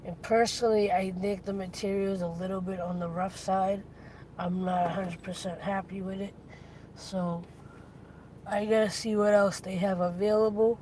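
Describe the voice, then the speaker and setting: A woman's voice: medium pitch, flat delivery, dark tone, a little hiss or hum, low-quality recording. A tired woman talking casually in a weekly vlog update, rambling and trailing off as she thinks aloud. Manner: slow, rambling, tired and foggy. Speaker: vlogger.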